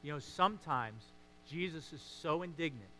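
Male pastor, sermon, bright voice, a bit high, hushed to emphatic. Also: lively intonation, normal speed, a little hiss or hum.

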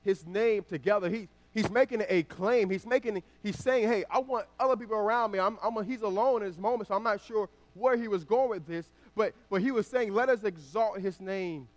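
Fairly quick and with few pauses, this high-voiced male preacher, maybe in his thirties, moves through his sermon. Loud, emphatic sections give way to a quiet, casual story about himself.

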